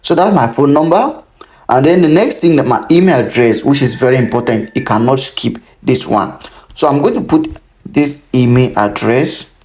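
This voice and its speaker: A man in his thirties from Cameroon talks a viewer through an online application one field at a time. His voice sits at a middle pitch, and he keeps stopping to warn that every detail must be entered correctly. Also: animated, moderate pace, darkish tone. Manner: instructive, repeats warnings to pay attention. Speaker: tutorial host. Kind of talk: screen-recorded how-to walkthrough.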